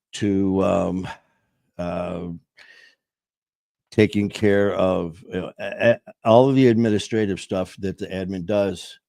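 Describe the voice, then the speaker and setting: A man with a lilt talks loosely, full of ums and restarts, as he hosts his own show. His voice sits a little low. The sound is dry and close, with no room around it. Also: a little mellow, dry recording. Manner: rambling, full of fillers and restarts. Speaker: podcast host. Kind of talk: casual monologue.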